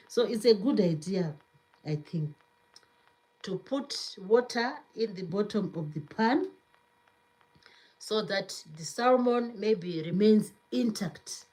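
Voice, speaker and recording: Slow-talking, giggly woman host. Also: medium pitch, dark tone, poor audio. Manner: giggly, laughs often, repeats herself. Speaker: cooking channel host. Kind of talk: casual live-stream chat, reading viewer comments aloud.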